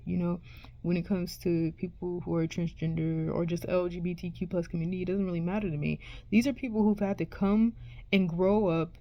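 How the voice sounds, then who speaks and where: A woman's voice: on the low side, warm tone. A woman vlogger ranting to her viewers in a casual, profane, exasperated way, rambling and restarting her sentences. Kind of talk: casual rant to camera.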